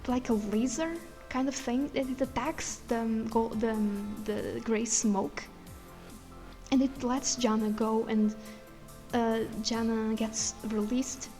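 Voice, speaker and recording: A woman content creator casually telling the story of a dream, excited and tumbling, acting out what she said in it. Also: a little high, slow. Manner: excited, tumbling retelling with quoted inner speech. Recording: long reverb with faint music.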